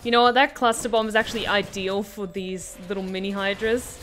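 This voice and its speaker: A woman streaming a video game, chattily thinking aloud and reacting excitedly. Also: medium pitch, fairly quick, noisy background. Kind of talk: live game commentary.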